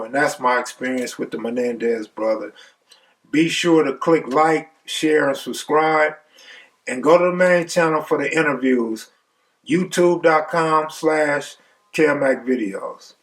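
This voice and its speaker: A man's voice: fairly high pitch, unhurried, far from the mic. Laid-back man telling a profane story. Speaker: vlogger telling a personal story. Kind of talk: casual storytelling.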